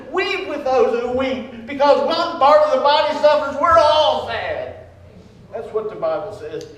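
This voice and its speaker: An older man preaching a personal, conversational sermon as the pastor of a church. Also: high-pitched. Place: church sanctuary. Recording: echoey church, distant mic.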